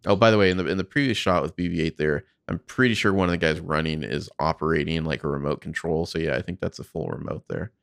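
A man's voice: very deep voice, fast, creaky, hardly any pauses, a bit bright, no echo, clean studio sound. A man co-hosting a podcast, chatting casually about film footage, swearing freely and thinking aloud with fillers. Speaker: podcast co-host.

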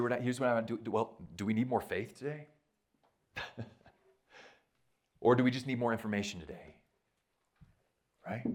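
Emphatic low-voiced male preacher. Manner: conversational and emphatic, tags points with "right?". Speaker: preacher at a church retreat. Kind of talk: sermon.

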